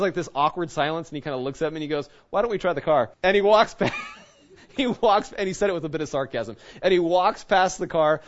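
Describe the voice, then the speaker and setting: A pastor with a high voice, captured in lo-fi sound, shares a personal story from the pulpit. His sermon is conversational and narrative, and he acts out the quoted dialogue.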